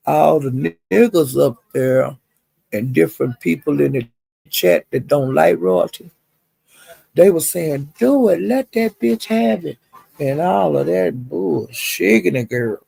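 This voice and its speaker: A fairly high-pitched man with vocal fry and a breathy edge spins gossipy stories for his vlog in a dry recording. Chatty and animated, he imitates others' words and calls listeners honey and child.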